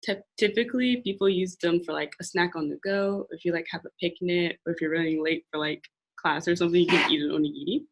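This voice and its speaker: A young woman presenting a classroom lesson, speaking patiently and repeating phrases slowly for learners. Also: lowish voice, gravelly. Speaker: language and culture presenter. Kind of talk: classroom teaching.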